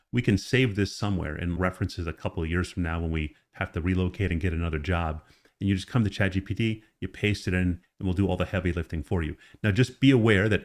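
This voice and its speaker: A man with a fairly low voice walks through a tutorial lesson. He talks casually and keeps checking in with the viewer as he goes. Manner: casual, conversational explaining with frequent check-ins. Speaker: course instructor. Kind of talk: screen-recorded tutorial lesson.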